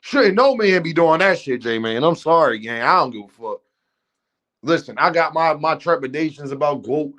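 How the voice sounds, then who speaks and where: A man's voice: on the high side, animated, moderate pace, fairly bright tone. A man hosting a livestream, ranting bluntly and profanely and talking straight to his chat. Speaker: livestream host. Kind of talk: unscripted livestream rant.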